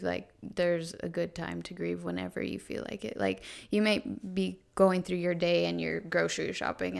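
A woman in a casual talk show conversation, speaking in a gentle, reassuring way. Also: lowish voice, vocal fry. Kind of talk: casual chat.

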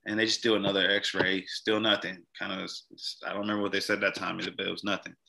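A young man talks as a guest in an interview, telling his own story in a loose, earnest ramble full of "like." His voice sits low with a gravelly edge and a sharp, forceful tone. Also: flat delivery, fast, low-quality recording. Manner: rambling, heavy use of "like", earnest. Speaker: podcast guest. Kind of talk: personal story in casual conversation.

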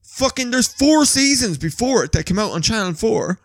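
Irish man, podcast co-host, high gravelly voice, swears a lot, casual chat. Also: normal speed, dry recording. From Ireland. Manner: animated storyteller, swears freely.

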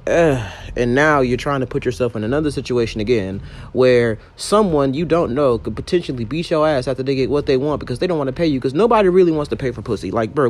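A man's voice: mid-range voice, a little hiss or hum. Exasperated young man ranting a storytime. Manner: exasperated, profane, emphatic retelling. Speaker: rideshare driver. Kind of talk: storytime rant.

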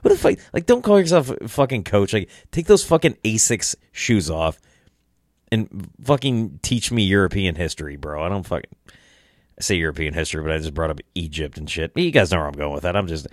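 A man's voice: low voice, very animated, a little fast, no echo, clean studio sound. A young man hosting a solo podcast, tired and tipsy, rambling casually and swearing a lot. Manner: rambling, profane, laid-back. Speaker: podcast host.

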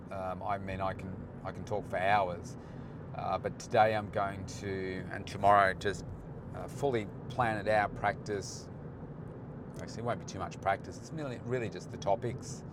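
A man who hosts a podcast, chatting casually while he drives, in a relaxed, rambling way with lots of fillers. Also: on the low side. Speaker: podcast host and coach. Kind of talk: casual vlog monologue while driving. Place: in a car, driving on city roads. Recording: loud road and engine noise.

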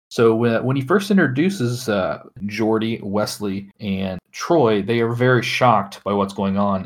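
Male podcast host, casual talk, episode recap, relaxed chatty delivery. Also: medium pitch. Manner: conversational, summarizing an episode with fillers.

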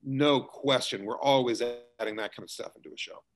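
A man's voice: mid-range voice, moderate pace. Middle-aged man, easygoing explainer. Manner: conversational, explanatory, many fillers and restarts. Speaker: school theater director. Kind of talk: relaxed interview answers.

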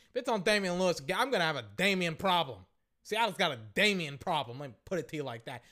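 Excitable hoarse young man calling a game. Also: high voice, quick pace. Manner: excitable, shouting at big plays, slangy. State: voice going hoarse. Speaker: podcast host. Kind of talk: casual play-by-play podcast commentary.

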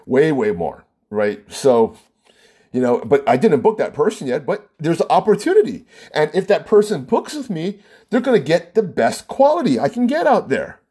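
A man's voice: on the high side, very animated, normal speed, mellow, slightly rough. A man who runs a wedding business, ranting in a vlog and retelling arguments, full of "you know" and "right?".

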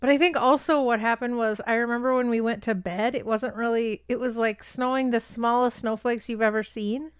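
Woman co-host, upbeat and curious, a bit high, clean dry mic. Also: fairly even intonation, a little fast, few pauses, clear, resonant tone, no echo. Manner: upbeat, encouraging, asks lots of questions. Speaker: podcast co-host. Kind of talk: casual chat.

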